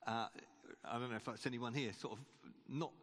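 A man's voice: medium pitch, fairly even intonation, fairly quick, a bit bright. A man preaching a sermon in a chatty, stop-start way, retelling a Bible story. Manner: conversational, with frequent restarts and repeated words. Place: church. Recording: long church reverb.

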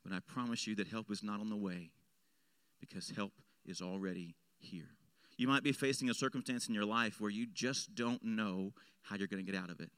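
A man preaching a sermon as pastor, swinging between loud emphatic lines and hushed low ones. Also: brisk, smooth, no echo. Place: church.

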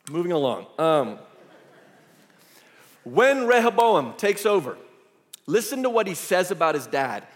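A male pastor delivering a sermon, telling the story in a lively, casual way with asides. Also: high voice. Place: church sanctuary. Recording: echoey church hall.

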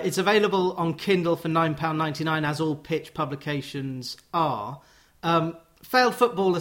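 A man hosting a radio interview, eagerly praising his guest and plugging the guest's book. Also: on the high side. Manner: enthusiastic, plugs the book. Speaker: radio show host.

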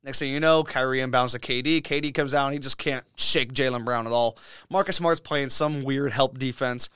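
A man hosting a casual sports podcast, talking in an excitable, opinionated way full of profanity. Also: medium pitch, moderate pace, clean tone, dry recording, clean studio sound. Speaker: podcast host.

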